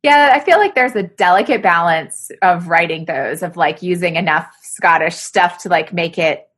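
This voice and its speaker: A woman's voice: lowish voice, moderate pace, fairly bright tone. A woman on a podcast, chatting casually and rambling, with lots of "like" fillers. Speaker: podcast guest. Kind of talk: casual group chat.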